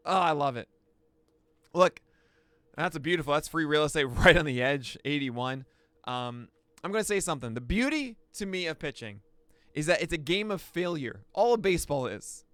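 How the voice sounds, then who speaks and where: A man hosting a pitching analysis, talking through each pitch with excitable outbursts. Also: normal speed, clean tone, no room sound. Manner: excitable, bursts into shouts and laughs. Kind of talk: excited play-by-play pitch breakdown.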